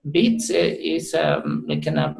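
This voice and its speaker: Halting man with a gravelly voice. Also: a little high, wildly swooping pitch, poor audio. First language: Spanish. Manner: halting, many fillers and self-corrections. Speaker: student presenting in class. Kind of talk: hesitant classroom presentation. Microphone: video call.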